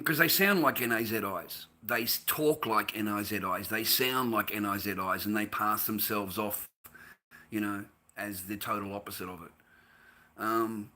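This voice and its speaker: A man with a low-set voice and a hard, forceful edge, ranting in a monologue. He talks in a heated, profane way and circles back to the same points again and again. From Australia.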